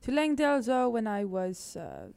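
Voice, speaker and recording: Woman doing a french trumpet dad, fancy put-on accent, kinda high, polite and rambly. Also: huge pitch swings, moderate pace, creaky, darkish tone, clear, resonant tone, exaggerated voice. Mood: proud. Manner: proud, courteous, a little rambling. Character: French man, retired trumpeter turned stay-at-home dad. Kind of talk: tabletop role-play.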